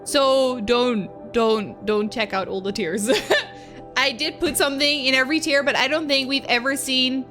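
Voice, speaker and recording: A woman's voice: high voice, steady tone, moderate pace. A woman streaming live and chatting casually with her viewers, giggling often and gushing thanks to them. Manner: giggly, laughs often between lines. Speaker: streamer reading chat. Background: music playing.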